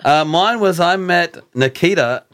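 A man's voice: high voice, lively intonation, unhurried, fairly bright tone, dry recording. A man co-hosting a casual sports chat, enthusiastic and rambling. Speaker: podcast co-host.

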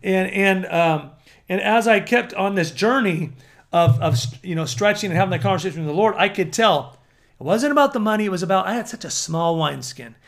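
A man preaching to an audience as a prophetic minister, fervent and building to emphatic near-shouts. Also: high voice, animated, fairly quick, creaky.

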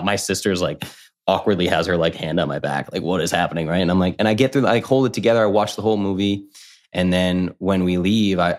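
A man in his thirties with a very deep voice tells a personal story as a podcast guest. He rambles casually and leans on "like" again and again. He slips into quick impressions of what other people said. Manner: candid, rambling, heavy use of "like", acts out quoted voices.

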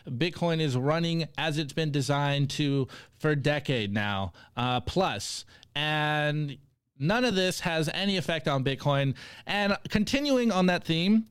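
A man co-hosting a casual podcast, upbeat as he reads out memes and gives shout-outs. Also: a little high, clear, resonant tone, no room sound. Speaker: co-host presenting the meme segment.

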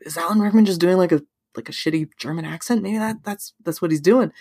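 A woman co-hosting a podcast, chatting casually about a film, with lots of "like" fillers and big pitch leaps when she quotes her own thoughts. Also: fast talker, darkish tone, husky, no room sound, studio quality. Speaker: podcast co-host. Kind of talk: casual movie discussion.

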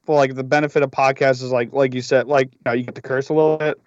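A young man co-hosting a podcast, chatting casually in an animated way, swearing and acting out quotes. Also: mid-range voice, fast, dry recording, muffled recording.

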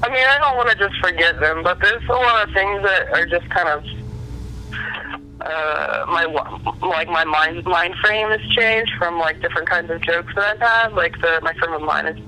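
A woman's voice: lowish voice, normal speed, sharp tone, a little hiss or hum, poor audio. A young adult woman comedian telling candid stories in a casual podcast chat, swearing freely. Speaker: comedian guest.

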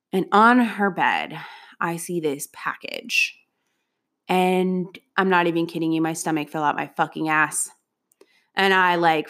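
A young adult woman telling a personal anecdote in a casual, profane and animated way, at times breaking into loud outbursts. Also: mid-range voice. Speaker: storyteller.

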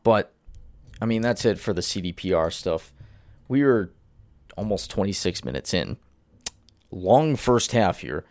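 A man's voice: low voice, lively intonation, unhurried, pauses often, a little mellow, no echo. A man hosting a solo commentary podcast, ranting in an exasperated way. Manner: ranting, exasperated, swears at target. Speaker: podcast host.

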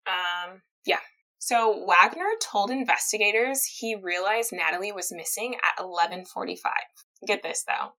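Woman, bright voice, casual podcast host, reads quotes, laughs easily. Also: mid-range voice, normal speed, low-quality recording. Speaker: podcast host telling a true-crime story. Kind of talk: casual storytelling chat.

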